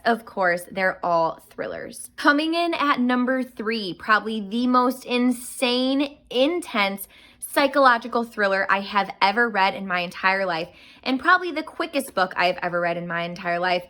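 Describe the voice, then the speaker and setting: A young woman chats about books she loves, her voice bright and her tone gushing and exclamatory. She sounds a little out of breath as she talks in a casual, excited way. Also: mid-range voice. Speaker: book reviewer. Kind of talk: casual book review.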